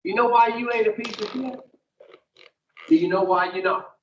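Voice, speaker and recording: A man's voice: high voice, moderate pace, fairly bright tone, slight background noise. A man leading an addiction recovery group, blunt and profane, firing questions at his listeners. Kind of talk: blunt group teaching session. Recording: dull echoey room, mic far off.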